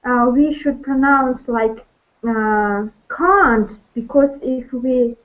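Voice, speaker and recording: Slow, hesitant Russian-speaking woman student. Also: fairly high pitch, fairly even intonation. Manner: hesitant, searching for words. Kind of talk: asking questions in an online class. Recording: dull lo-fi online call audio.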